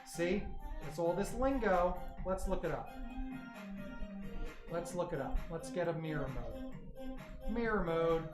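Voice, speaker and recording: A man hosting a livestream, rambling excitably as he chats with his viewers. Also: on the high side, measured pace, long pauses. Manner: excitable, rambling, talks to chat. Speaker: livestream host. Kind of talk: casual livestream chat. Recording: roomy echo, faint music.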